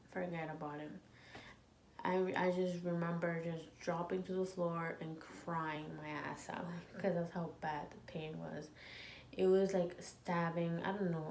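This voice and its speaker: A woman in her twenties telling a storytime vlog, animated and swearing freely as she quotes people in her story. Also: lowish voice. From United States. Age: 20s. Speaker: vlogger. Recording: echoey room with faint ambient noise.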